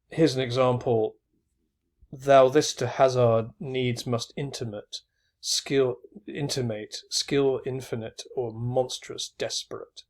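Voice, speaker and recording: A middle-aged man explains his slides in a loose, conversational lecture. His pitch sits in an ordinary middle range, and he fills pauses with ums and restarts as he goes. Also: a little mellow. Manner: casual, many fillers and restarts. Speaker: teacher.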